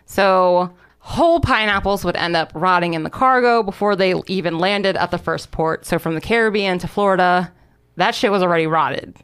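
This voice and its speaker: A young woman casually telling a story on a podcast, animated, swearing and laughing often. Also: on the low side, normal speed, clear, resonant tone. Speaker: podcast host presenting research. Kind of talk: casual chat.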